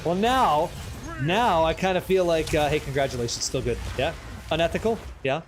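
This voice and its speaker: A man's voice: a little high, moderate pace, music in the background. A man streaming a game, chatting casually with his viewers, joking and swearing freely as he reads the chat. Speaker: livestream gamer.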